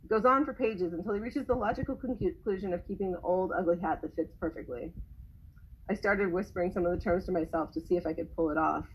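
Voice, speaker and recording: A woman reading a personal story aloud in a measured way, with a husky voice. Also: lowish voice, a little hiss or hum, low-quality recording.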